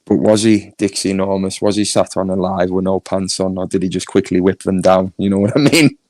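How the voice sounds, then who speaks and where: A man's voice: sits low, steady tone, brisk, darkish tone, no room sound. A man with a Northern English accent chatting casually on a live stream, laughing often and reading chat comments aloud. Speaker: YouTube streamer.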